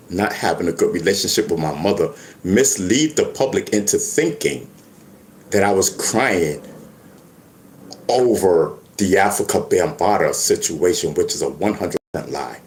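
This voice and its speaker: A low-voiced man tells his stories in a lively, swooping way, stumbling over his words and starting again. The room around him rings with a noticeable echo. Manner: animated storytelling with many restarts and stammers. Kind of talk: casual monologue to camera. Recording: echoey room.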